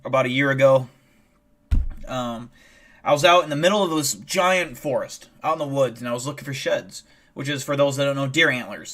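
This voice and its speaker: A streamer host chatting casually and telling a rambling, profane tall tale with many restarts. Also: male voice, medium pitch, fairly bright tone. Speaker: livestream host.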